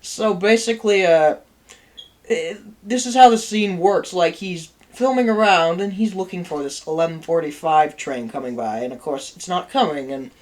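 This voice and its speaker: Host of a home video review, loose and rambling, lots of fillers, quick to laugh, middle-pitched voice. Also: darkish tone. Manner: rambling, full of ums and likes; laughs easily, amused. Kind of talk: casual spoken review.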